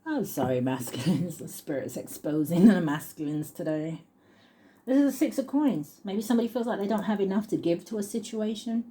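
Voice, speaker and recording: Mellow-voiced woman musing over tarot cards. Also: on the low side, lively intonation. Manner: muses aloud, chuckles often, reads card texts slowly. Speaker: tarot reader. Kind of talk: casual tarot reading, thinking aloud.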